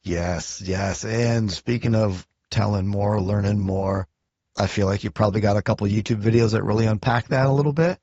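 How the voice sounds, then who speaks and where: A low, husky-voiced man hosts a podcast in a loose, chatty way, full of fillers. The recording is dry and a bit dull, like lo-fi remote audio. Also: normal speed, no echo. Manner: relaxed, chatty, lots of fillers. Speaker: podcast host. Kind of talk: casual interview chat.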